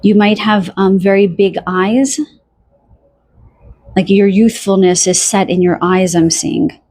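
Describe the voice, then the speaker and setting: Soft-spoken woman giving a dreamy tarot reading. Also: medium pitch, fairly even intonation. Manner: soft, dreamy, halting with many fillers and restarts; addresses the listener directly. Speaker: tarot reader. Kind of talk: pick-a-card tarot reading.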